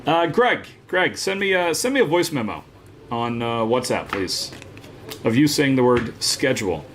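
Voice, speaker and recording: Man, card-break host, teasing live chat, very lively pitch, faint noise behind. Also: a little slow. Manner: teasing, banter with viewers, frequent "uh" fillers. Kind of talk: casual live-stream chat.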